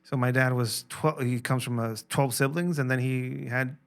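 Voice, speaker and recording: A man's voice: mid-range voice, steady tone, moderate pace, clean tone. A man hosting a podcast in casual chat, reacting with swearing and stammered restarts. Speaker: podcast host.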